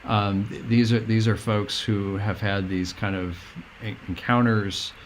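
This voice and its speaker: A middle-aged man, a guest, telling a personal story in an earnest, meandering, halting way. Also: fairly low pitch, steady tone, a little hiss or hum.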